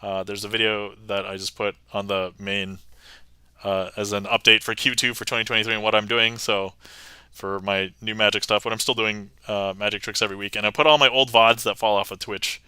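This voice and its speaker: A man hosts a live magic stream from a desk mic, chatting upbeat with viewers and thanking them one by one. His voice is strikingly bright and smooth, and the sound is dry with no room echo. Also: fairly low pitch, little pitch movement, fairly quick. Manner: chatty and upbeat, reading chat aloud with thanks. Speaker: magician livestream host. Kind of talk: casual livestream chat.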